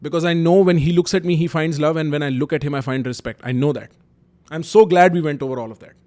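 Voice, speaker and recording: A man's voice: on the high side, quick pace, a little mellow. A young man with an Indian English accent telling candid, emphatic personal stories to camera. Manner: candid, emphatic, mixes Hindi kinship words and slang. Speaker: YouTube host.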